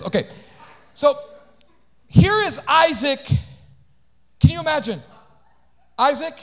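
A man preaching a sermon in church. He jokes and acts out little voices, then builds to shouted, sing-song preaching with call-outs to the congregation. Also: high voice.

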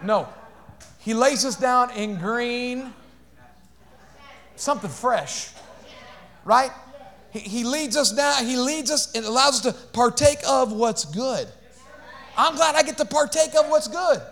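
Pastor, male, very high voice; animated sermon delivery, loud shouted peaks dropping to hushed asides. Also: slow, long pauses. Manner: animated preaching, shifts between shouting and hushed asides, call-outs to congregation.

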